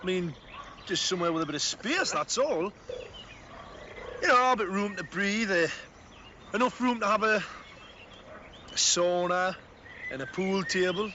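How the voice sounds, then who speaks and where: A man playing a boastful, cheeky loudmouth labourer in a 1980s TV comedy-drama. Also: high voice, a little slow, pauses often. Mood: wheedling. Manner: blustering, cheeky, jokey. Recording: dull lo-fi TV sound with background hiss.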